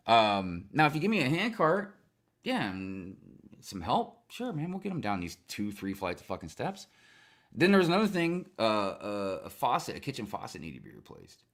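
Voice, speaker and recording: Man, lowish voice, very lively pitch swings, profane rant, casual streamer. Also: normal speed. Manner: profane, animated storytelling with frequent swearing and fillers. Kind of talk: casual ranting monologue.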